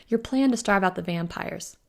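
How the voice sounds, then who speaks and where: A determined young witch in an audiobook, voiced by the woman reading. She speaks tersely and evenly, earnest rather than showy. The voice is low with a heavy gravelly fry. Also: normal speed.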